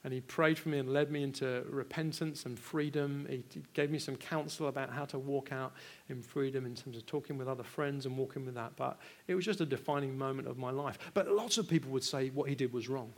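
This British preacher speaks at a medium pitch, fairly quickly and with hardly any pauses. His earnest sermon moves from hushed personal anecdotes to forceful rhetorical questions, with words repeated when emotion rises.

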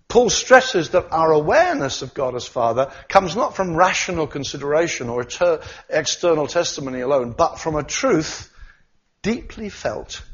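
A man preaching a sermon, swinging from loud cries to quiet asides. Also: on the high side. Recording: slightly dull sound.

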